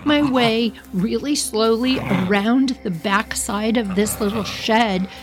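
A woman hosting a podcast, telling a personal childhood story in an expressive, emotional way. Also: fairly high pitch, takes it slowly, music in the background. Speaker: podcast host.

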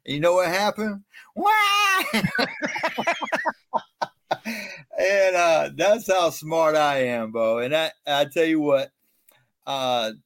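Middle-aged male guest, animated self-mocking storyteller, dead-dry recording. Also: a little high, a little slow, no room sound. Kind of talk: storytelling interview.

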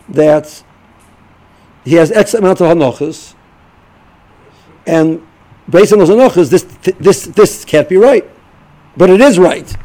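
A middle-aged man giving an informal Torah lesson, halting and repeating words as he restarts sentences. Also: high-pitched, dark tone, rough recording. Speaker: yeshiva rebbe giving a shiur.

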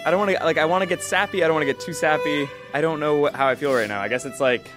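A man's voice: fairly high pitch, racing, music in the background. A man co-hosting a comedy podcast, reflective and laughing. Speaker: podcast co-host. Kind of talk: casual chat.

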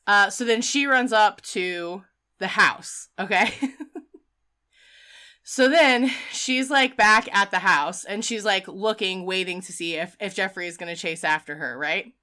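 A woman casually recapping a film, animated, laughing often and acting out the characters. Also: mid-range voice, unhurried. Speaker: podcast co-host recapping a film. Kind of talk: casual chat.

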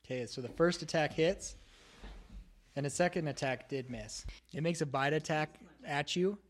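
A man running a tabletop game as game master, easygoing and quick to laugh. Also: fairly high pitch. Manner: laughs often, easygoing rulings.

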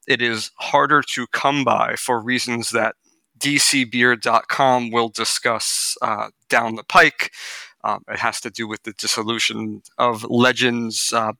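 A man's voice: mid-range voice, creaky, bright, forceful tone, no echo. A man co-hosting a beer podcast, chatting casually with many ums and easy rambling. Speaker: podcast co-host. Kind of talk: casual chat.

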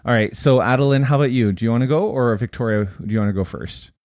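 A man co-hosting a casual family podcast, upbeat and laughing often as he gently prompts his kids. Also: medium pitch, fast talker, no room sound, studio quality. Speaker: podcast co-host and parent.

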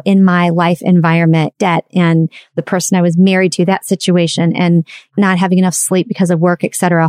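A woman's voice: lowish voice, darkish tone, dry recording, studio quality. A woman in her forties sharing a candid, confessional personal story and reflecting on parenting.

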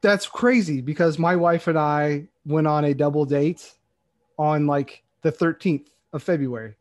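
A man's voice: a little high, unhurried. A man co-hosting a casual podcast, bantering with dry teasing. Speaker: podcast co-host.

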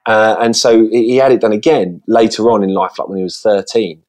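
A man's voice: fairly low pitch, steady tone, brisk, darkish tone. A man telling casual stories as a podcast guest, rambling through many false starts, recorded on a phone.

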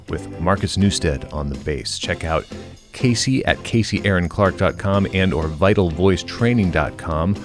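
A man co-hosting a podcast over a remote call, chatting casually and reading the closing credits in a dry, wry way. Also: low voice. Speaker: podcast producer and co-host. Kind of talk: casual chat and outro credits.

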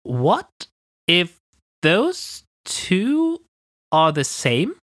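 A man at a tabletop game, wry and full of questions, his pitch swinging widely. The sound is close and dry. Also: wildly swooping pitch, extremely slow, fairly bright tone, no room sound. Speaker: player.

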